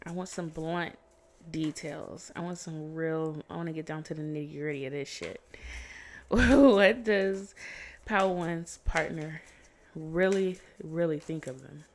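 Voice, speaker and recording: Woman, tarot reader, casual reading, blunt, swears a lot, laughs often, slightly low pitch. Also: takes it slowly, darkish tone. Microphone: phone.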